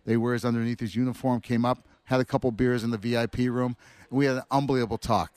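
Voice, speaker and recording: A man, a former player, telling animated anecdotes as a guest. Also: medium pitch, quick pace, no echo. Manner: animated storyteller acting out quotes. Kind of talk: anecdotal storytelling.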